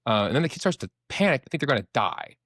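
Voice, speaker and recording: A young man, a therapist, explaining things in a casual podcast chat, animated and casually profane, acting out inner voices. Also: medium pitch, very fast, dry recording, clean studio sound.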